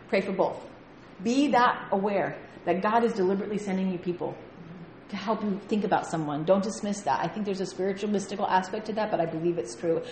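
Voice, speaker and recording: A woman preaching to a women's gathering, direct and exhorting, with rhetorical questions and quick asides. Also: medium pitch, roomy sound, a little hiss or hum, poor audio. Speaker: women's ministry speaker. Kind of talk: sermon.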